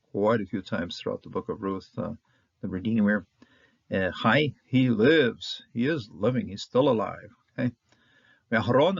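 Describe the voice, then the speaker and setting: A man giving a casual Bible lesson, halting with many fillers and restarts, sounding out Hebrew words slowly. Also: on the low side, vocal fry, no echo. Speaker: Bible teacher. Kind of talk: casual lecture. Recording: dull, dry, lo-fi sound.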